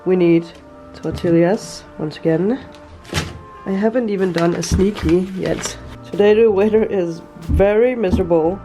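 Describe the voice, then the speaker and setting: A woman's voice: fairly low pitch, measured pace, music in the background, low-quality recording. A woman vlogging casually as she cooks, chatting and thinking aloud as she goes. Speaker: cooking vlogger. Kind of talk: casual cooking vlog.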